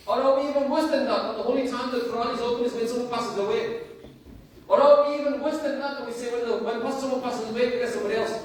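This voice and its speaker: Man, preacher, very high voice, storytelling sermon, rhetorical questions, distant mic, faint background noise. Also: very echoey. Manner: rhetorical questions, repeats lines for emphasis.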